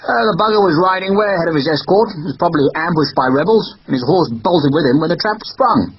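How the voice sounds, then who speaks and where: A man's voice: on the high side, expressive, fairly quick, husky, pitched above the performer's own voice. A man voicing a bad-tempered, overworked middle-aged merchant consul who grumbles and curses in a hard, clipped way. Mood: irritable. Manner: grumbling and cursing. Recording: dull lo-fi recording.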